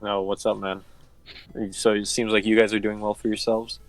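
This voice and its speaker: A man's voice: lowish voice, flat delivery, normal speed, soft background music, rough recording. A man playing his character in a tabletop game, laid-back with dry wisecracks. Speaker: player. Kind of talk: tabletop role-play.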